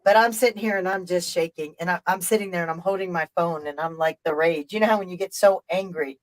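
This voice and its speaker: A middle-aged woman with a fairly low pitch talks fast while hosting a live stream, heard on a rough recording. She tells a story in casual conversation, rambling emphatically and cursing.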